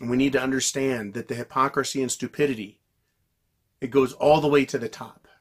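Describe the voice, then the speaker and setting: A man delivering a heated, profanity-laced monologue to his viewers, yelling and venting. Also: mid-range voice, steady tone, a little fast, husky. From United States. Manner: yells and vents angrily, heavy swearing. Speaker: political commentary vlogger.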